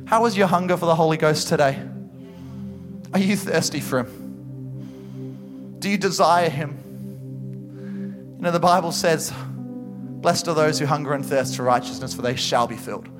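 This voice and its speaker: A young male pastor delivers a sermon in a high, ringing voice. He pleads and exhorts with mounting passion, and music plays clearly underneath him. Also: measured pace, long pauses. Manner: passionate, building to loud exhortation. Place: church service.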